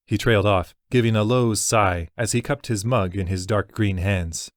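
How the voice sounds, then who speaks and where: Low voiced guy reading a fantasy audiobook, super dry sound. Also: moderate pace, few pauses, no room sound. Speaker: audiobook narrator. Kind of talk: scripted fantasy narration.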